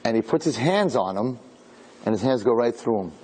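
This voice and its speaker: A rabbi tells an inspirational story to an audience with animation, repeating words for emphasis and weaving in Hebrew terms. His voice is mid-range at a moderate pace, with slight hiss or hum in the background.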